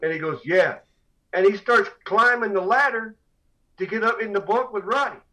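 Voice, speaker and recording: Lively, animated man telling a story. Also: high voice, normal speed, poor audio. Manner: animated storyteller, acts out voices, laughs often. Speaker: podcast co-host. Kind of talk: casual storytelling chat.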